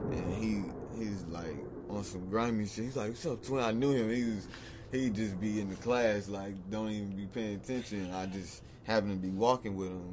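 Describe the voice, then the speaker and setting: A man from Long Beach telling stories in casual chat, animated, acting out the voices of people he quotes and laughing often. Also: on the low side, background noise. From Long Beach, California. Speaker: podcast guest.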